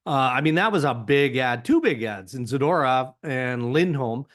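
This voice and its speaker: A man with a Canadian accent, a hockey insider guest on a podcast, speaking in a measured, analytical way with frequent "you know" fillers. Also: mid-range voice, lively intonation, fairly bright tone. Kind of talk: podcast interview.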